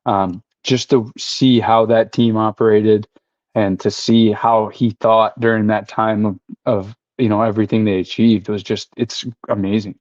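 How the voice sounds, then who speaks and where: A man's voice: lowish voice, level tone, measured pace, a little mellow, no room sound. A man as a podcast guest, laid-back and casual, leaning on "you know" and "like". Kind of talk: casual chat. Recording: dry, dull lo-fi audio.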